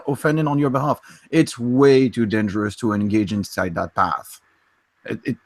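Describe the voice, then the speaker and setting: A man's voice: medium pitch, no echo. A man as a guest in a casual livestream chat, earnest and leaning on fillers like "like". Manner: earnest, many fillers like 'like'.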